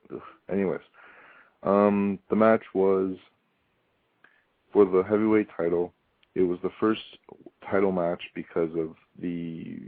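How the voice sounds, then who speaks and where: A man's voice: low-pitched, no echo. A man hosting a casual solo podcast review, rambling with frequent ums and wry asides. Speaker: podcast host reviewing wrestling. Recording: tinny phone-like line, dry.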